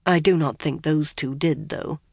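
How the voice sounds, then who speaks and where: A reader doing a quiet, measured interrogator. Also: male voice, fairly high pitch, fairly even intonation, vocal fry, slightly rough, dry recording, clean studio sound, full character voice. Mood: calm. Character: calm, wary man, seasoned interrogator.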